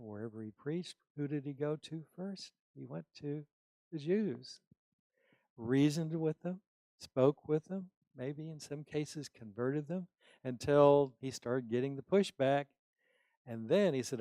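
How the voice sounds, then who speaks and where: A man's voice: on the high side, unhurried, warm tone, no room sound. A middle-aged man preaching a sermon, reading scripture aloud and explaining it in conversational asides.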